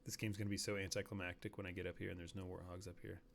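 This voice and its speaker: A man with a fairly low voice chats loosely through a hunting game, wandering off on side topics and going quiet and hushed when he sneaks up on animals. A faint hum of room ambience sits behind him. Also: level tone, racing, gravelly. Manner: chatty, rambling, drops to a near whisper while sneaking. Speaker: streamer. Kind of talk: casual gameplay commentary.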